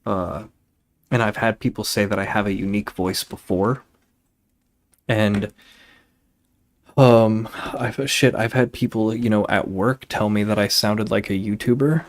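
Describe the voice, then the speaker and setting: A young man with a lowish voice chatting on a game stream. He rambles from tangent to tangent in a laid-back way and swears without thinking about it. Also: steady tone, measured pace, pauses often, slight background noise. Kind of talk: casual chat while streaming a game.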